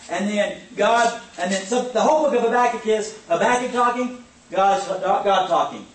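A man with a high-pitched, lively voice teaches an informal Bible survey lesson at a measured pace. He keeps it conversational and often checks in with his listeners, recorded in an echoey room with the mic at a distance.

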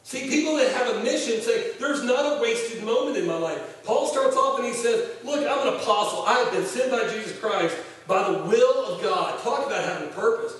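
A man's voice: extremely high pitch, moderate pace, hardly any pauses, a bit bright. A man preaching a conversational sermon as pastor, acting out quoted voices, recorded from far off in a large room. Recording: echoey hall, voice from far off.

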